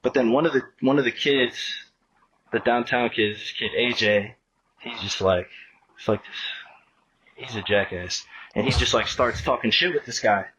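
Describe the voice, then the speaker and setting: A man of middle pitch tells a story on a podcast, rambling and swearing freely as he acts out what people said. The studio recording sounds dull and lo-fi, with a faint hiss behind it. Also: normal speed, fairly bright tone. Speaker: podcast guest. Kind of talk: casual storytelling.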